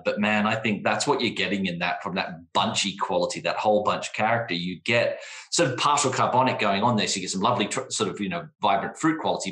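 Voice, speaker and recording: A man's voice: sits low, fairly bright tone, reverberant. A man speaking as a guest at a casual wine tasting, talking enthusiastically and rambling with many restarts.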